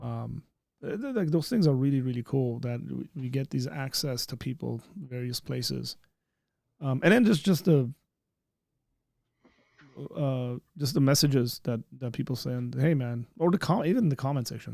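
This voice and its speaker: A man's voice: medium pitch, expressive, normal speed, vocal fry, darkish tone, no room sound, studio quality. A man hosting a casual livestream chat, rambling with many fillers and restarts. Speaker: host.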